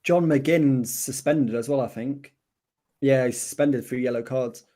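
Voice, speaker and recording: A man's voice: medium pitch, unhurried, warm tone. A man in casual football chat, musing over betting picks with hesitant restarts.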